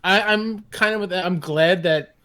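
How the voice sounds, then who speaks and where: A man's voice: sits high, normal speed, pushed and bright. A man co-hosting a podcast in casual chat, laid-back and laughing easily. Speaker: podcast co-host.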